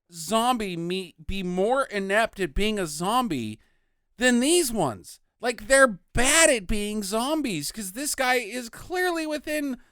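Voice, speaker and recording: A woman's voice: a little high, fairly bright tone, clean tone, dry recording, clean studio sound. A woman co-hosting a podcast, chatting casually about a bad movie, laughing often and acting out quotes. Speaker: podcast co-host. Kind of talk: casual movie-riffing chat.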